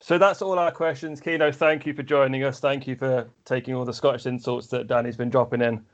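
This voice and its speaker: A man's voice: mid-range voice, steady tone, fairly quick. A man hosting a casual podcast, steering the talk and wrapping up the episode. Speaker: podcast host. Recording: slightly dull, lo-fi audio.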